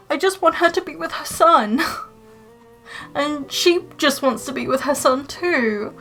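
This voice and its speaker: Young woman with a high voice narrating her sims game, lots of gasps and oh no's, faint music under her. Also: a bit bright. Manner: chatty, gasping, emotional reactions to the game. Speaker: Sims let's play creator. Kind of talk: gameplay commentary.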